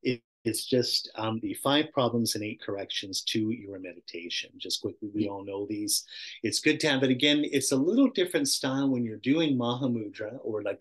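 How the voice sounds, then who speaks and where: A middle-aged man teaching a casual meditation class, chatty and self-interrupting, often laughing and acting out little voices. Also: fairly low pitch. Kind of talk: casual dharma talk.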